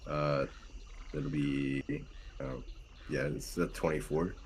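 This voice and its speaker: Man, tabletop player, relaxed, very deep voice, faint noise behind. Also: slow pace. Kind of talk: casual tabletop game talk.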